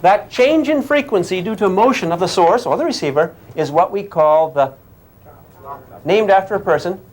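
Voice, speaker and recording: A man's voice: sits high, expressive, moderate pace, darkish tone. An older man giving a physics lecture to a class in a playful way, often asking questions and making sound effects.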